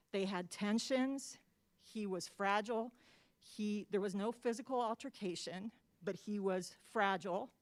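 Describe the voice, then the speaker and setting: A woman giving an impassioned public comment at a city council meeting, emphatic and openly emotional, repeating key phrases to drive her point home. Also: medium pitch. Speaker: public commenter advocating for a housing project.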